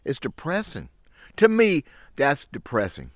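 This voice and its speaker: With huge swings in his medium-pitched voice and a slightly slow pace, a middle-aged fishing channel host grumbles and rambles frankly to the camera mic in the woods. There's no room sound, and it sounds clean, like a studio.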